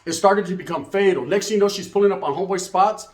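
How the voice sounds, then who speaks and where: A man's voice: high voice, quick pace. A middle-aged man, telling a comic story in streetwise slang and tagging lines with "right?". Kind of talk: comedic storytelling. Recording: roomy echo.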